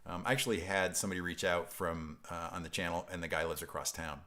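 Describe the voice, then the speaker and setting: Low-voiced man hosting a live stream. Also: fairly even intonation, fast talker, sharp tone. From upstate New York. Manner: rambling, self-interrupting, chuckling. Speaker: host of a guitar live stream. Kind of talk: casual live-stream chat reading viewer comments.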